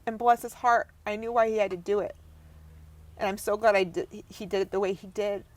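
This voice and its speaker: A young adult woman, a podcast guest, telling a painful personal story in a halting way, often breaking off and dropping her voice low. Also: fairly even intonation, a little mellow. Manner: halting, breaks off and restarts, voice drops to near whisper at times.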